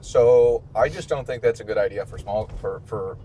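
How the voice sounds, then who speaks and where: Chatty Midwestern priest in a car. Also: male voice, on the low side, moderate pace, dark tone, a little hiss or hum. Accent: American Midwest. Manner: chatty, storytelling with mimicked quotes. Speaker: priest and podcast host. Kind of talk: casual chat on a car ride.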